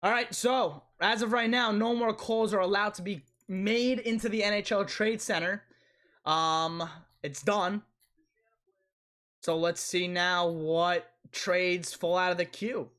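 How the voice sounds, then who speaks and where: A man's voice: high voice, steady tone, slow, fairly bright tone. A young man hosting a casual live stream, rambling and repeating himself as he answers chat.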